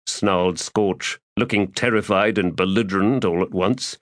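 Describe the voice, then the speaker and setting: Man, audiobook narration, low measured voice, dry close recording. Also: fairly even intonation, no echo. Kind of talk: scripted narration.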